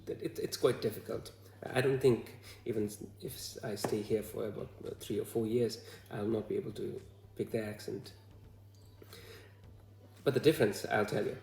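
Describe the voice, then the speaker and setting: A man from Bhutan with a Bhutanese accent, talking to the camera in a hesitant, halting way full of fillers. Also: lowish voice, fairly even intonation, vocal fry, darkish tone, reverberant. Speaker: vlogger. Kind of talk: casual talk to camera.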